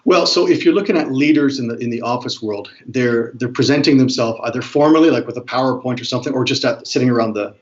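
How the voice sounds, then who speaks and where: Man, quick talker, body language expert, guest explaining, muffled lo-fi sound. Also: medium pitch. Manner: fast, animated, demonstrates tones of voice. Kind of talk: explanatory interview talk.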